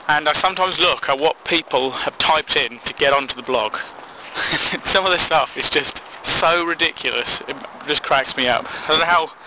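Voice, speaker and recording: A man's voice: on the high side, noisy background. A man hosting a casual comic monologue, rambling and laughing at his own sarcastic asides. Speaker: comedy blog host.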